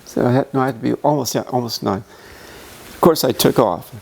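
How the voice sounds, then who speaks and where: An older man, a museum docent, telling a childhood memory in a halting, emotional way. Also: medium pitch, creaky. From United States. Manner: reminiscing, emotional, halting with restarts. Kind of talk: panel storytelling. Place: museum meeting room.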